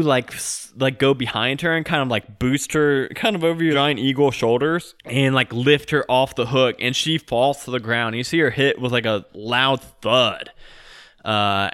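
A man's voice: medium pitch, a bit bright, smooth, no room sound. Young guy running a tabletop game, lots of likes and uhs, dry close sound. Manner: casual, full of fillers like "like" and "uh". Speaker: game master.

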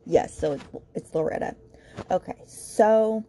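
A woman's voice: mid-range voice, measured pace, warm tone, slight background noise. A woman hosting a podcast and recapping a book in casual, gossipy chat, with lots of filler words and asides to her listeners. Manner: chatty and gossipy, heavy filler words, addresses listeners directly. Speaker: podcast host reviewing books.

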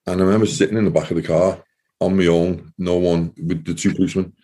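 A man's voice: low-pitched, flat delivery, quick pace, warm tone. A man telling a personal story as an interview guest, rambling with frequent "you know" fillers. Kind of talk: casual storytelling.

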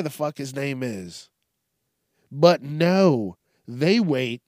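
A man's voice: medium pitch, animated, takes it slowly, a little mellow, no echo, studio quality. A young man ranting profanely and sarcastically while hosting a casual news commentary podcast. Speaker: podcast host.

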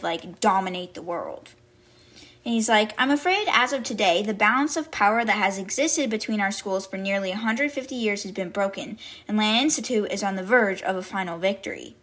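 A woman's voice: a bit bright, husky. A woman hosting a podcast, casually retelling a book chapter and reacting to it, talking loosely with lots of fillers like "like" and "I guess.". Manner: chatty, full of "like" and "I guess" fillers; reacts with sudden high-pitched exclamations. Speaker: podcast host. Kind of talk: casual book recap and commentary.

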